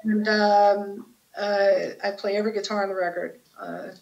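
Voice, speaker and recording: A woman's voice: medium pitch, level tone, normal speed, a little mellow. Chatty woman guest, lo-fi sound. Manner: chatty storyteller, many fillers and restarts. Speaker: guest guitarist. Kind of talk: casual interview chat. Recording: dull lo-fi sound.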